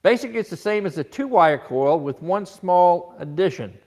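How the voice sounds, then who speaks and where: A man's voice: sits high, animated, moderate pace, a little mellow. A man teaching an automotive technical seminar, explaining scope patterns with rhetorical questions and frequent restarts.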